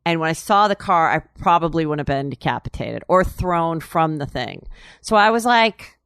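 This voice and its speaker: A woman's voice: sits low, animated, normal speed, a bit bright, clear, resonant tone, dry recording, clean studio sound. A woman talking as an interview guest, rambling and candid, full of "like" and "you know". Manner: chatty and candid, laughs while telling. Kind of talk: casual storytelling interview.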